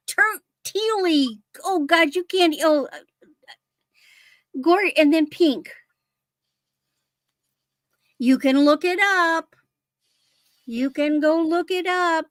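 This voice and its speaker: Casting: high-pitched, unhurried woman, excitable seller on a live stream, dry close sound. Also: no room sound. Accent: American. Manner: gushing, excited over jewelry details. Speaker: online vintage seller. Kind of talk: live sale show chat.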